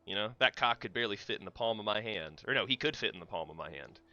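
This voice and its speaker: Sharp-toned, teasing American streamer man. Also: lowish voice, animated, fast, highs cut off, soft background music. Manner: teasing, joking banter. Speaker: livestreamer. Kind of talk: casual chat while gaming.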